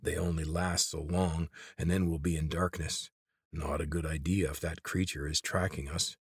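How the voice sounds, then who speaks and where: A man voicing a wary, weary grown male traveler in a storybook reading, talking low and guarded. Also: little pitch movement, normal speed, breathy edge, no echo, studio quality, heavily acted.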